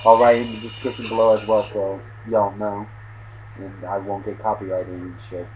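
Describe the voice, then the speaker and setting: A man's voice: lowish voice, flat delivery, moderate pace, a little hiss or hum. A man casually recapping an anime episode in rambling, slangy talk, full of fillers and restarts. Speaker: anime reviewer. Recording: dull lo-fi with loud music behind. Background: loud background music.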